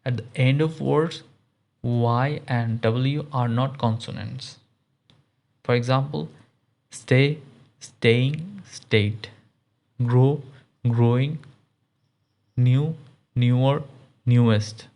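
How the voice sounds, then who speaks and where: A man teaching English grammar in a slow, deliberate lesson, reading out word lists one by one. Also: mid-range voice, a little mellow. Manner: reads word lists in a measured, deliberate cadence.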